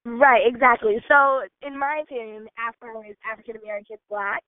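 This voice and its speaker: Speaking on a thin, phone-like line with no room sound, this woman's voice sits on the high side and moves briskly. She's a gymnast and dancer in her twenties, a bubbly, chatty interview guest who packs her talk with fillers.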